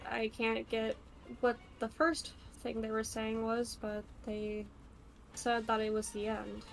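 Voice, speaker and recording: A woman plays a tabletop role-playing game, talking slowly and hesitantly with pauses and ums. Her voice sits fairly high and stays flat. Soft music runs underneath. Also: gravelly, low-quality recording. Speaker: player.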